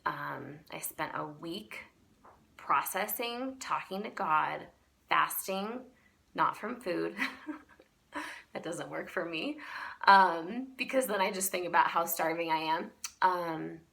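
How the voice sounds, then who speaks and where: A woman shares a personal testimony on her vlog, talking unhurriedly with lots of ums and laughter. Her voice sits a little low and has a gravelly edge, yet it sounds bright. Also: slow pace. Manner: animated storytelling with frequent ums and laughs. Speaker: vlogger.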